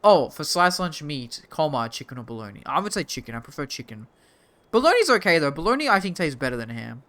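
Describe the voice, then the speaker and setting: A man's voice: a little high, very animated, fast talker, fairly bright tone. A young Australian man streaming a game, chatting casually and self-mockingly with his chat. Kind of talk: casual gaming commentary.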